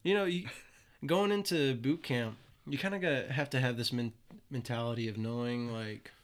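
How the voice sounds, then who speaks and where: A man in his twenties tells stories in a relaxed, conversational way. He swears freely and often laughs at what he is describing. His voice sits at an ordinary middle pitch. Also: normal speed. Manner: loose and profane, laughs at his own stories. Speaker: guest. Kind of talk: casual storytelling.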